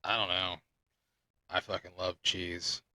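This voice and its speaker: A man's voice: sits low, flat delivery, a little slow, sharp tone, low-quality recording. A young man co-hosting a podcast, chatting casually in a blunt, crude, joking way. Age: young adult. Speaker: podcast co-host. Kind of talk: casual chat.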